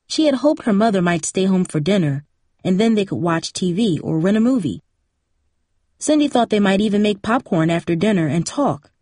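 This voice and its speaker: An audiobook narrator reads a novel in a steady, even storytelling style. Her mid-range voice is recorded with studio quality and no room sound, as scripted narration.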